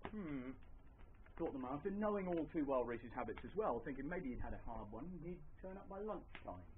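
A man's voice: medium pitch, sing-song, brisk, a little hiss or hum. A man telling a folk tale live, with wry asides to his audience. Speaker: storyteller. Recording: lo-fi live recording, faint ambience.

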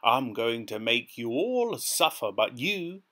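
A man's voice: medium pitch, very animated, takes it slowly, bright, forceful tone, full character voice. A man voicing a wicked old witch who sneers and shrieks. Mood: sneering.

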